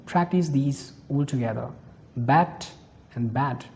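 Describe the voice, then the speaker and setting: A teacher with an Indian English accent walks through a pronunciation lesson, patient and explanatory, going back over each point. The voice is mellow and soft-edged, sitting at a middling pitch. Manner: patient and explanatory, repeats points and spells out examples slowly.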